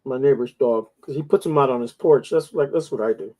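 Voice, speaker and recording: A man's voice: medium pitch, brisk, mellow, low-quality recording. Rambling, profane male storyteller. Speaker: podcast host. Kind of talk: casual chat.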